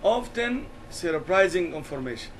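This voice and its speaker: A man teaching an English lesson, explaining slowly and deliberately and repeating key words. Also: high-pitched, sing-song, a little hiss or hum, poor audio.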